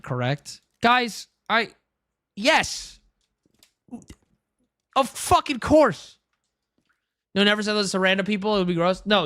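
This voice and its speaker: This is casual livestream chatter from a young man gaming at home, close on a headset mic, crude and jokey with plenty of "dude." He has a high, bright voice with a forceful tone. No room sound comes through.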